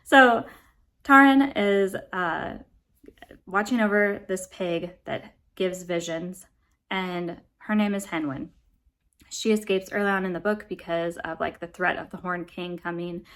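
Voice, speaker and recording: A woman's voice: on the low side, fairly even intonation, unhurried, fairly bright tone. Rambling American woman reviewing books. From United States. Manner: rambling and chatty, often apologetic. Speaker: book reviewer. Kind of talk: casual book review vlog.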